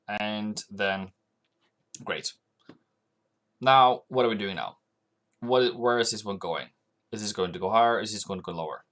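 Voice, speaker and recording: A man's voice: mid-range voice, a bit bright. A man hosting a live trading stream, loosely rambling to his chat while working through charts. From Norway. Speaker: forex trading livestream host. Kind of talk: live-stream market commentary.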